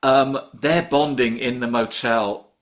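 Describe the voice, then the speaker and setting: A man's voice: mid-range voice, fairly even intonation, slow pace. A man co-hosting a film podcast, chatting casually and mocking the movie with amusement. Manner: amused, mocking, quotes scenes with laughs. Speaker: podcast co-host. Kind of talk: casual film review chat.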